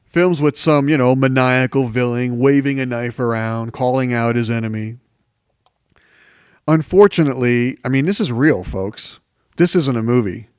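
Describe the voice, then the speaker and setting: A male talk show host speaks with a mocking, scornful edge through sarcastic political commentary. His voice sits at an ordinary middle pitch. The recording is dry and close, with no room sound. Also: smooth, no room sound.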